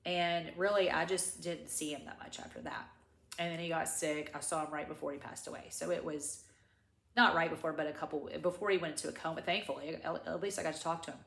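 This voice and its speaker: A woman's voice: low voice, fairly even intonation, creaky, fairly bright tone. Tearful middle-aged woman rambling through a story. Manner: halting, rambling, many restarts. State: crying. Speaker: vlogger. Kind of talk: tearful personal story time. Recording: echoey room.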